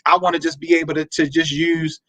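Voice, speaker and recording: A man hosting a marriage advice show, talking in a preacherly way, repeating words and breaking into animated asides. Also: a little high, brisk, dry recording, poor audio. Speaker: marriage talk show host.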